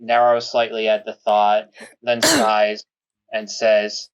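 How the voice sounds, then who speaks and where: A tabletop player describing their character's moves at a slow, halting pace. The sound is dull and lo-fi. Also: mid-range voice, flat delivery, clear, resonant tone. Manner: hesitant, narrating own actions. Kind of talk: tabletop game play.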